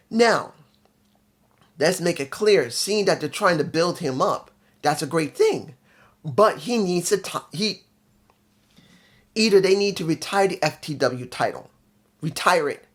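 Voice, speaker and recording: A man's voice: on the high side, a bit bright. A man hosting his own channel, giving a casual spoken review in a blunt, emphatic way with dry sarcasm, often repeating his points. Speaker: show reviewer, channel host.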